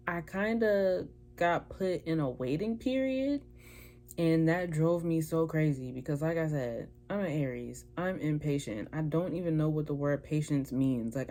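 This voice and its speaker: A young woman vlogger chats casually through a personal story, voicing the people she quotes in different voices. Her voice is low-pitched and dark in tone, with a little hiss or hum in the background.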